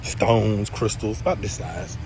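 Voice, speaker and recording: A man casually telling viewers a story, animated and swearing freely, swinging between loud and low. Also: a little slow, background noise. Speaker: spiritual video creator.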